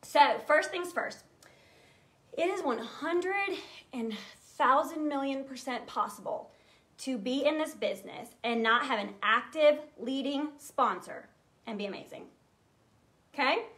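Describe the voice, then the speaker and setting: A woman in her thirties, a sales team leader, giving an energetic, earnest live training talk straight to her viewers. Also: high-pitched, unhurried. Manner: energetic, earnest, fired up, talks directly to viewers.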